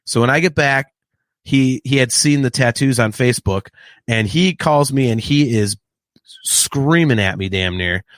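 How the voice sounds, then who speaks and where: A man in his late forties, a podcast co-host, chatting casually and telling animated stories with frequent laughter. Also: medium pitch, a little slow, no room sound. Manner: animated storyteller who laughs often. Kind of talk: casual chat.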